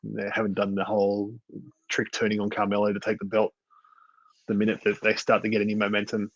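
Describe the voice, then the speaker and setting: A man's voice: fairly low pitch, completely flat delivery, a little fast, no echo, dull audio. A man co-hosting a wrestling review podcast in casual chat, rambling with many fillers and restarts. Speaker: podcast co-host.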